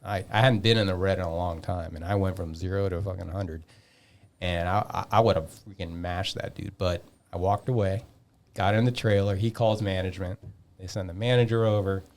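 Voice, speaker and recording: A man in his fifties telling a long story in a casual podcast chat, animated, swearing freely and acting out the dialogue. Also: low-pitched, fairly quick. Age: 50s. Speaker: podcast guest.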